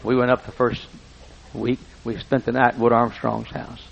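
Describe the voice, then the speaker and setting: In a sermon built around stories, a pastor spins folksy, amusing anecdotes and keeps interrupting himself mid-thought. He has a medium-pitched voice with little pitch movement, a moderate pace and vocal fry, on a dull lo-fi recording with slight background noise.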